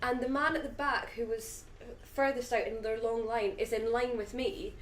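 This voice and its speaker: A woman with a Scottish accent co-hosting a casual podcast, telling animated anecdotes. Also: a little high, moderate pace. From Scotland. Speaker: podcast co-host. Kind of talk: casual chat. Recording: echoey room, distant mic, faint noise.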